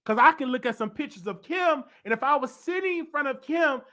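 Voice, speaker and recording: Hosting a celebrity gossip show, a man with a bright, sharp-edged voice delivers blunt, opinionated commentary at a fairly quick clip. He's animated, his pitch swooping high whenever he stresses a point, and his voice sounds slightly stuffy and congested throughout.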